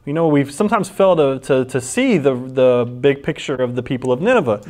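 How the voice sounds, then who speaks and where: A man's voice: mid-range voice, expressive, fairly quick, a little mellow. A man preaching a conversational sermon, rambling and often restarting his sentences. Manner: rambling storyteller with frequent restarts.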